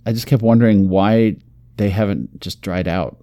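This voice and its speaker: A man's voice: on the low side, normal speed, dark tone. A man co-hosting a podcast, musing casually in a rambling way with lots of "like" and "you know". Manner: rambling, many fillers and restarts. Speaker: podcast co-host. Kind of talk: casual chat.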